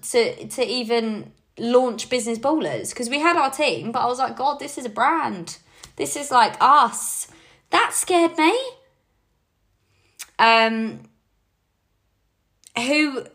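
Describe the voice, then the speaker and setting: A woman's voice: medium pitch, fairly bright tone. A young woman leading her team in a casual motivational talk, chatty and encouraging, with frequent fillers. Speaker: team leader.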